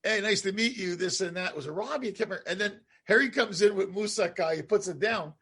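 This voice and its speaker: A man hosting a casual interview chat, telling a rambling, animated story and laughing along the way. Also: high-pitched, fast talker, breathy edge. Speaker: host.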